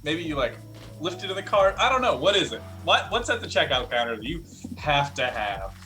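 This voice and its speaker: A male co-host on a live improv stream with a bright, sharp voice that swoops up and down. He explains games playfully and laughs easily. Faint music sits behind him. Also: on the high side, very animated, fairly quick. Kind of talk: casual chat and game hosting.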